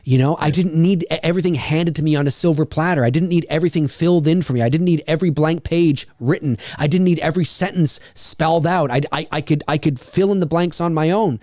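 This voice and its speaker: A man hosting a podcast, talking in a casual, animated, rambling way, repeating words and swearing often. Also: on the high side, quick pace, hardly any pauses, dry recording, clean studio sound. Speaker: podcast host. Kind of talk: casual chat.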